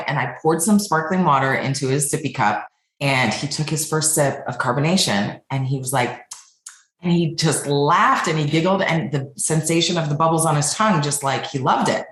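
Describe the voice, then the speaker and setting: A middle-aged woman guest from Denver telling her founding story in a lively, casual way, acting out the voices she quotes. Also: low voice, roomy sound. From Denver, United States. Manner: animated, acts out quoted voices. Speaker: podcast guest, beverage company founder.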